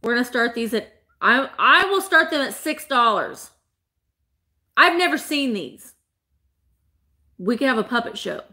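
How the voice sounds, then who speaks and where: A woman's voice: sits high, lively intonation, normal speed, long pauses, pushed and bright. A woman hosting a live online sale, chatting playfully with viewers by name and laughing often. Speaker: live-sale host selling vintage items. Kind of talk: casual live-stream auction chat.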